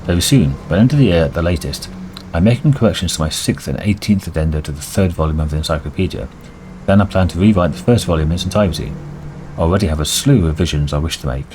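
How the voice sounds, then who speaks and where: A man's voice: deep voice, quick pace, a little mellow, slight background noise, close to an everyday voice. A man reading the lines of a self-absorbed woman scholar listing her revisions, in a prim, fussy way. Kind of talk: reading game dialogue aloud.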